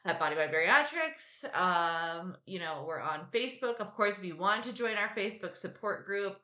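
A woman's voice: mid-range voice, lively intonation, normal speed, bright, forceful tone, echoey room. A woman co-hosting a podcast as a dietitian, chatting in a supportive, affirming way. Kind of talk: casual podcast chat.

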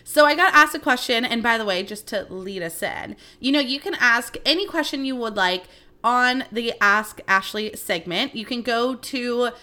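A young woman hosts her own podcast, spilling celebrity gossip in a loose, animated chat. Her voice is bright and forward, and she swears freely and laughs often as she talks. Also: a little high, moderate pace. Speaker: podcast host. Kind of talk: casual solo podcast chat.

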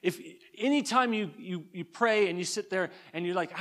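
A man's voice: high voice, fairly quick, few pauses, a bit bright. A middle-aged man from Alberta preaching a sermon in an earnest, fervent way, often restarting and repeating words. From Alberta, Canada. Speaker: guest preacher.

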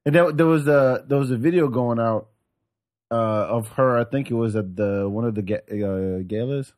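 A man's voice: mid-range voice, normal speed, darkish tone. A male podcast host chatting casually, laid-back, joking and opinionated. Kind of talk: casual chat.

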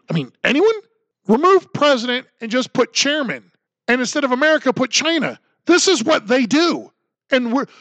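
Man with a high voice, ranting sarcastically through his podcast, dry room. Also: a bit bright, dry recording. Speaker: podcast host. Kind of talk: solo political commentary podcast.

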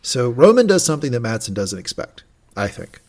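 A man's voice: medium pitch, fairly quick. A man co-hosting a podcast, recapping an episode in casual chat and acting out lines from it. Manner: animated, acts out quotes from the show. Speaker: podcast co-host.

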